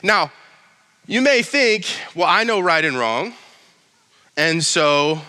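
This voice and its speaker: A man's voice: a little high, lively intonation, takes it slowly, pushed and bright, clean tone, in a large hall. A male pastor giving a casual, joking sermon with many restarts and reading scripture aloud.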